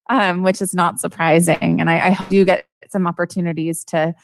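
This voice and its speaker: A woman's voice: fairly low pitch, flat delivery, a little fast, few pauses. A woman chairing a county board meeting, paying an effusive, admiring tribute to a retiring colleague over a video call. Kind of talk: formal tribute at a public meeting.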